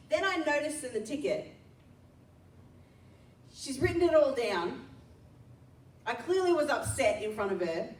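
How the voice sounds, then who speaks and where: A woman's voice: sits high, expressive, unhurried, long pauses, a little hiss or hum. Woman telling a story in church. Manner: chatty, self-deprecating, laughs often. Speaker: preacher. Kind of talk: sermon with a personal story. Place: church hall. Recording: echoey hall, mic at a distance.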